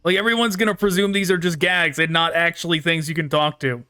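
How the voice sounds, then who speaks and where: A man's voice: fairly high pitch, fairly even intonation, brisk, sharp tone, smooth, dry recording. A man hosting a gaming channel, chatting casually and laughing as he critiques a game while playing it. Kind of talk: casual gameplay commentary.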